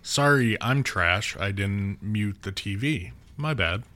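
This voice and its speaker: A man with a slightly low voice chatting as a podcast co-host. He is easygoing and agreeable and keeps up a joking banter. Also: lively intonation, slow, sharp tone. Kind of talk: casual chat.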